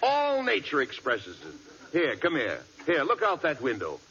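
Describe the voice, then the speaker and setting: A man's voice: a little high, huge pitch swings, moderate pace, creaky, pushed and bright. A man doing 1940s radio comedy as an exasperated, bossy straight man. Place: radio studio before an audience. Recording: lo-fi old radio broadcast with audience. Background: studio audience laughter.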